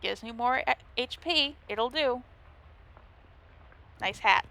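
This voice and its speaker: Bright-voiced woman reading game text. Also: a little high, takes it slowly. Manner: playful, reads narration aloud between remarks. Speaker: let's play host. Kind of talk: gameplay commentary, reading game text aloud.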